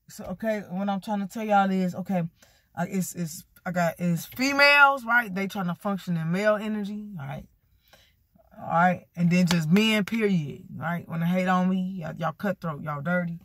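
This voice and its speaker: A woman giving a casual tarot card reading, sassy and animated, talking straight to her viewers. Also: fairly low pitch, normal speed. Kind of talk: casual spiritual reading vlog.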